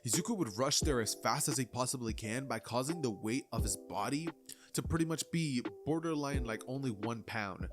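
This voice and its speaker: A man telling an anime what-if story in a loose, rambling way, peppered with conversational asides. His voice sits at an ordinary middle pitch. Clear background music runs under the narration. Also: expressive, moderate pace. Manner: rambling, filler-heavy, conversational.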